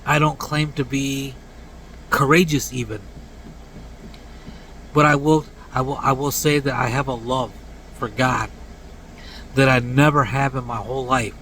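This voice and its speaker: A man in his late forties delivering a blunt, earnest rant to camera, dropping to low mumbled tags at the ends of lines. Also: steady tone, measured pace, pauses often, fairly bright tone, slight background noise, rough recording. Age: 40s. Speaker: vlogger. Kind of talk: casual preachy rant to camera.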